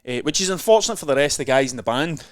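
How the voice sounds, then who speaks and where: A man's voice: a little high, expressive, rapid-fire. Rambling man telling stories. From Scotland. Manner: rambling, self-deprecating storytelling. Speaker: podcast co-host. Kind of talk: casual chat.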